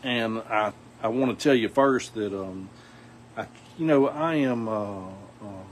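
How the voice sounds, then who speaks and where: A man's voice: fairly low pitch, slow pace, slight background noise, rough recording. A man from South Alabama with a Southern accent, talking casually to his viewers in a rambling, folksy way, full of fillers and restarts. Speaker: outdoors vlogger. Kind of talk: casual talk to camera. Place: outdoors.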